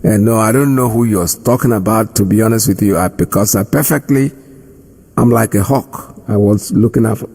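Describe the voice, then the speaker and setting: A man's voice: fairly low pitch, vocal fry, dark tone, breathy edge. A man hosting a radio call-in show, talking firmly and conversationally as he lectures callers. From Nigeria.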